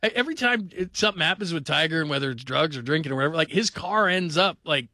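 Male sports radio host, bright and punchy, dry studio sound. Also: on the high side, fast talker, no room sound. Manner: animated, laughing, joking asides. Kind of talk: casual sports talk radio.

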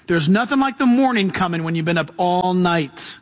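A man's voice: high voice, lively intonation, normal speed, hardly any pauses. A middle-aged man preaching a sermon as pastor, enthusiastic and casual, with slangy asides. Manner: enthusiastic, casual slang, voices Jesus in quotes.

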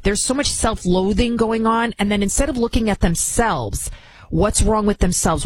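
A woman's voice: medium pitch, normal speed, rough recording. A woman hosting an opinion commentary show, indignant and prone to repeating words when heated.

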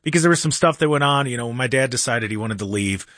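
A middle-aged man hosting a radio talk show, telling stories in a lively casual way and acting out what people said. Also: medium pitch, quick pace, dry recording, clean studio sound. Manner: animated storyteller, acts out quotes.

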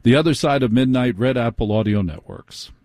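A man's voice: medium pitch, fairly quick, darkish tone, no room sound. A middle-aged American man hosting a late-night radio talk show, chatting wryly and drifting into stories. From United States. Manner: chatty, wry, digressive storytelling.

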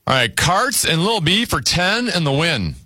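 Game show host guy, bright punchy voice, bouncy pitch, calling scores. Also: very animated, dry recording, clean studio sound. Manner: brisk, announcing scores and turns. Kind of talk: game show hosting, reading scores and clues.

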